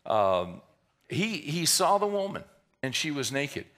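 A man preaching a sermon in an animated way, mixing humorous asides into the teaching. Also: on the high side, takes it slowly. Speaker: pastor.

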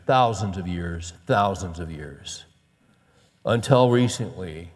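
A man preaching a sermon as pastor, folksy and animated, with soft chuckles. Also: fairly low pitch, big-room sound.

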